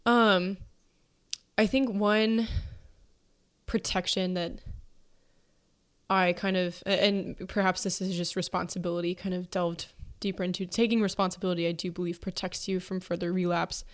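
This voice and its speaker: A woman's voice: lowish voice, steady tone, moderate pace. A young woman hosting a faith-based podcast, talking casually with lots of fillers, who is pregnant. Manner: chatty, many fillers and likes. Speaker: podcast host.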